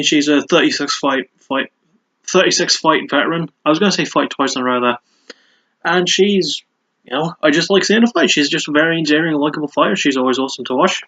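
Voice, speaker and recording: A man's voice: fairly high pitch, fairly bright tone. Chatty man reviewing fights, lo-fi. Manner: chatty, repeats words and restarts. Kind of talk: casual solo review.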